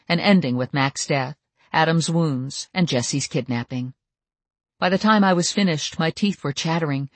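An audiobook narrator reading a first-person fantasy story in a steady, even manner. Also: medium pitch, no echo.

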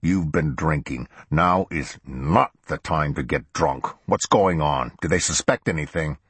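A man plays a cold, curt art thief in an audiobook, snapping short lines in a very deep voice. The tone is husky, and the recording is dry and close. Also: a little slow, dry recording, exaggerated voice. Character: cold, scheming male art curator-thief.

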